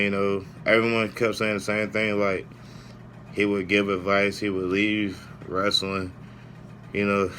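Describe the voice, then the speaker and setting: A man's voice: lowish voice, sharp tone, slight background noise. A man giving a casual, heartfelt spoken review, rambling with many "you know"s and "man"s. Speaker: wrestling show reviewer.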